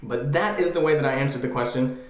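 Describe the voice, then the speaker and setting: A young man in his twenties ranting casually in a vlog, animated and jokey, mocking other people's voices. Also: mid-range voice, fast, roomy sound. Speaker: vlogger.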